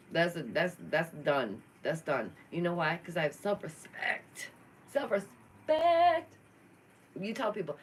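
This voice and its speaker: A woman hosting a casual live-stream commentary, expressive and sassy, laughing often. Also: fairly low pitch, a little hiss or hum, poor audio. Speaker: YouTube commentary host.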